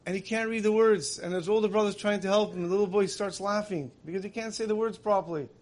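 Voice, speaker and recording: A man's voice: high-pitched, fast. A man giving a sermon, telling stories in an earnest way that builds emotion. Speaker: religious teacher.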